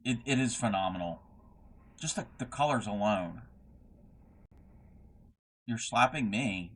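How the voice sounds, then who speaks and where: Bright-voiced rambling man streaming. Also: on the low side, lively intonation, measured pace, long pauses. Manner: rambling, reads chat aloud, trails off with fillers. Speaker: craft livestream host. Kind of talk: casual livestream chat.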